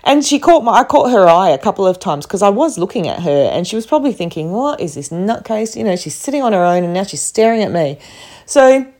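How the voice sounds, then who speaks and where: A woman's voice: mid-range voice, very animated, fast, darkish tone. A woman from Australia with an Australian accent, telling a rambling travel story to camera with many fillers. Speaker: travel vlogger.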